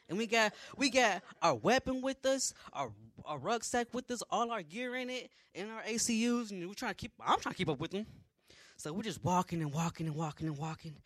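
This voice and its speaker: A young man, an army private, telling a personal story in a casual, animated way, dropping to low mutters and rising to loud exclamations. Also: no room sound. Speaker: army private recounting training.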